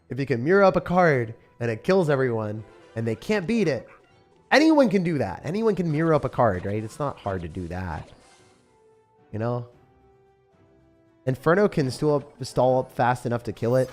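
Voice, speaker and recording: A young man commentating his own gameplay as a streamer, excitable and sarcastic, mocking what he complains about. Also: medium pitch, brisk. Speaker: game streamer. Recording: faint music behind.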